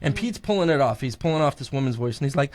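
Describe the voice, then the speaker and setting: A man in his forties hosting a podcast, chatting casually and retelling stories in a lively way. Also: mid-range voice, fast talker. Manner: lively, acts out voices in retellings. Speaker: podcast host. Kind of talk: casual chat, animated storytelling.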